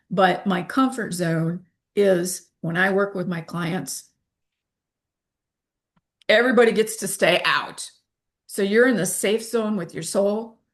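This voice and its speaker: A woman in her fifties, an interview guest who talks candidly and acts out the dialogue she quotes. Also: medium pitch. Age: 50s.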